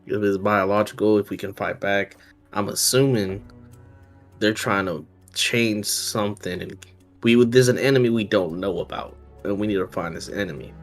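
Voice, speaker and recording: Low-voiced guy at a tabletop game, thinking out loud, faint music behind. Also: normal speed. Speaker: player. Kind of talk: casual tabletop play.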